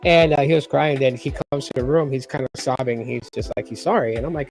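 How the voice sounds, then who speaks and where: A man's voice: mid-range voice, fast talker, few pauses, soft background music. A middle-aged man hosting a tech livestream in casual chat, rambling and repeating himself as he tells stories. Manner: rambling, repeats phrases, lively storytelling.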